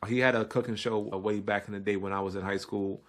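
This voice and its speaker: Man with a Brooklyn accent, low pitch, quick and energetic, chatting as a podcast guest. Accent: Brooklyn New York. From Brooklyn, New York. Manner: fast-talking, energetic. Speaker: guest chef. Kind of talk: casual podcast conversation.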